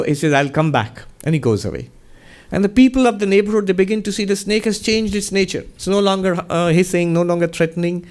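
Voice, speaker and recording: Animated monk telling a parable. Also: male voice, high-pitched. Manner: animated storyteller, laughs often. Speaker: monk answering audience questions. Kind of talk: spiritual talk with storytelling.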